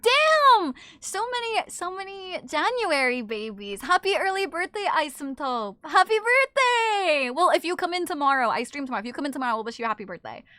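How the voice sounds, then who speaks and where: A woman streamer hangs out with her viewers late at night, answering their messages. She is playful and teasing and swears freely. Her voice sits high and sharp, and a close mic keeps it dry. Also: big pitch swings, quick pace, hardly any pauses, no echo. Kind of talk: casual live-stream chat, reading chat aloud.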